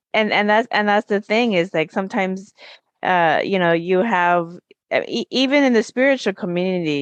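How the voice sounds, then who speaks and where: A woman's voice: lowish voice, clean tone, no echo, lo-fi sound. A woman hosting a podcast, listening and then explaining her view in casual chat. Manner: attentive listener, backchanneling, then explains at length. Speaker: podcast host.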